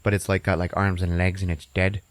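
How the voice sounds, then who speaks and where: A man's voice: deep voice, level tone, fairly quick, no room sound. A man hosting a podcast, rambling and swearing as he recaps a movie. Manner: rambling, laughing, profane. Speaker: podcast host.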